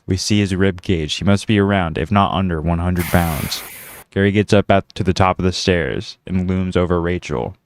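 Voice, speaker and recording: A man narrating a script in a steady, matter-of-fact voice. His tone is low and smooth, and the sound is dry and close. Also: normal speed, no room sound. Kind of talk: reading a comedic script aloud.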